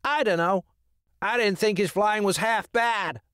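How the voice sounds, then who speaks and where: A man voicing a hyper, excitable male crow with a shrill squawking voice in an audiobook story. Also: measured pace, clean tone, no room sound, studio quality. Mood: cheerful.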